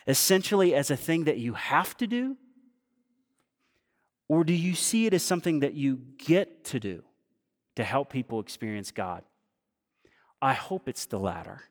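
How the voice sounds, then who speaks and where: A male pastor preaching a sermon in a conversational way, building emphasis on key points and dropping in quick asides. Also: fairly high pitch. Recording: reverberant hall sound.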